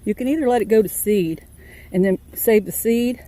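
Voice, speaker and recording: Mellow-voiced woman touring her garden. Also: fairly high pitch, normal speed. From Virginia, USA. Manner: rambling, homespun, chatty. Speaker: farm vlogger. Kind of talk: casual garden tour. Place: outdoor vegetable garden.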